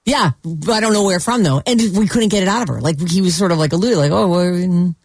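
A woman co-hosting a radio show, telling stories in animated casual banter with frequent laughs. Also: fairly low pitch, quick pace, slightly rough, no echo, clean studio sound. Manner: animated storyteller, laughs often.

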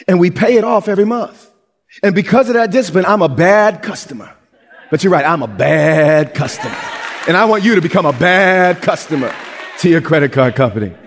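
A middle-aged man preaching a sermon as pastor, animated and conversational, often restarting his sentences. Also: high voice, in a large hall.

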